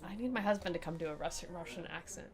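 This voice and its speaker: A woman's voice: lowish voice, quick pace. A young woman streaming a dramatic reading of a visual novel, mixing narration with sarcastic jokes and replies to chat. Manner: sarcastic, joking running commentary.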